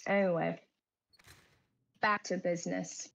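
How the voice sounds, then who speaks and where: A woman's voice: on the low side, little pitch movement, slow, vocal fry, a bit bright. A woman speedrunner chatting casually and easily while she plays on stream. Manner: chatty, easygoing. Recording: dull lo-fi mic.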